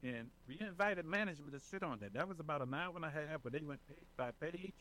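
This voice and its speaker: A man being interviewed as a residents' advocate, talking in an animated, emphatic way and often checking in with the listener. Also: fairly high pitch, fast, slight background noise, rough recording. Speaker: senior residents' advocate, guest. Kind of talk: casual interview talk.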